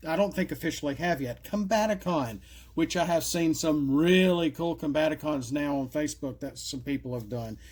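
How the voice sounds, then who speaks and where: A man's voice: a little high, a little mellow. A middle-aged man casually presenting homemade game cards, rambling with many fillers and asides, his voice cracking and coughing at times. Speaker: card game creator presenting custom cards. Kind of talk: casual solo video talk.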